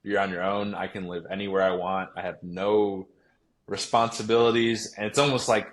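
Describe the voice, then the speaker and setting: A young adult pro baseball player, appearing as a guest, chats casually in an interview, rambling with lots of fillers and restarts. His voice is on the low side, with little pitch movement and a normal speed.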